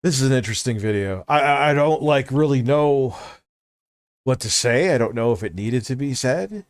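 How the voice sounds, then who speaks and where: A man's voice: medium pitch, animated, moderate pace, no echo, clean studio sound. A man with a New York accent hosting a live stream, giving blunt, joking, profane commentary on videos. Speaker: streamer host reacting to videos.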